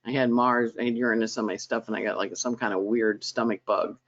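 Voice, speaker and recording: A woman's voice: rumbling low, fairly quick, lo-fi sound. A woman hosting a weekly astrology forecast in a chatty, dramatic way over a conference call. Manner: animated, chatty, dramatic emphasis. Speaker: astrologer host. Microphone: conference call line.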